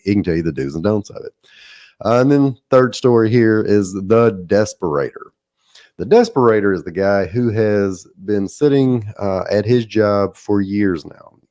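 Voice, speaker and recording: A man's voice: deep voice, mellow, no echo, clean studio sound. A man in his forties hosting a solo podcast, telling business stories in a conversational way with self-deprecating asides. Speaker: podcast host.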